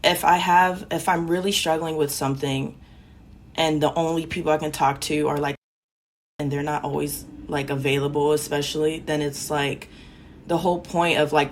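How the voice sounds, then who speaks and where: A woman's voice: low voice, little pitch movement, fairly quick, a little hiss or hum. A woman guest in a casual discussion, hesitant and searching for her words, with many "like"s.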